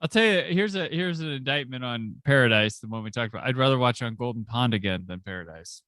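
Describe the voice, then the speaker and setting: A man's voice: medium pitch, lively intonation, fast talker, a bit bright, no room sound. A man hosting a podcast in casual chat, easygoing, steering between topics and passing the floor to his co-host. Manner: easygoing, hands off topics, short agreeing replies.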